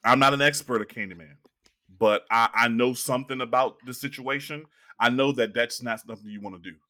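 A young man telling a long story in casual podcast chat, animated and acting out the people he quotes. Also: mid-range voice, brisk.

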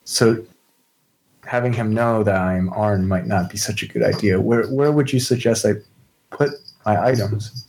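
A man's voice: on the low side, measured pace, darkish tone, slight background noise, poor audio. A man voicing a polite, cautious young woman adventurer who speaks thoughtfully. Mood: careful.

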